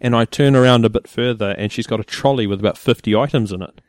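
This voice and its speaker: A young man with a New Zealand accent, co-hosting a casual podcast and telling lively everyday stories. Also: mid-range voice, fast, no echo, studio quality. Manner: animated storyteller, acts out quoted people. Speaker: podcast co-host. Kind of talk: casual chat.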